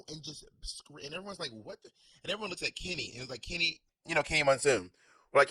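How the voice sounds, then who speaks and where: A man's voice: fairly high pitch, fast talker. A man co-hosts a casual chat, telling gossipy stories in a bouncy voice that climbs and falls a lot. The sound is dry and close, with no room echo. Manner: animated storytelling, gossipy. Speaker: podcast co-host.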